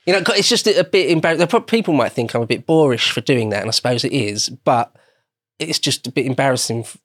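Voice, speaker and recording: A man's voice: medium pitch, expressive, a little fast, fairly bright tone, no room sound. Dry-voiced English man, meandering. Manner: meandering, circles back and rephrases often. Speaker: podcast guest explaining history. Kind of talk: casual podcast conversation.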